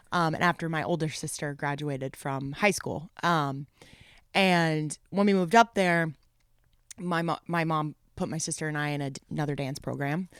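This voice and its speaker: A young woman, chatting as a musician guest on a podcast, animated and laughing often. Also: low voice, smooth, no room sound, studio quality. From New York. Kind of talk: casual podcast chat.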